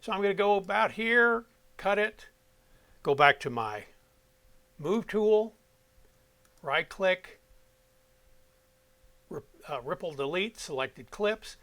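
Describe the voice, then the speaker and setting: Bright-voiced man teaching audio editing. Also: high voice, lively intonation, takes it slowly, long pauses. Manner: plain step-by-step explaining, self-correcting. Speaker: instructor.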